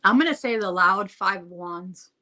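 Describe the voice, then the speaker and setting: A woman's voice: medium pitch, lively intonation, moderate pace, bright, forceful tone. A woman who is a guest on a podcast, chatting casually, often stumbling and restarting her sentences, with many uses of "like". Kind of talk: casual chat.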